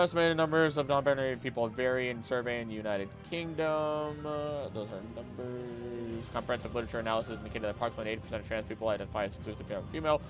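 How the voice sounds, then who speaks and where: A man streaming casually, skimming text aloud quickly with mumbled filler and breaking into loud, heated rants. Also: mid-range voice. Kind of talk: casual live-stream chat, reading aloud.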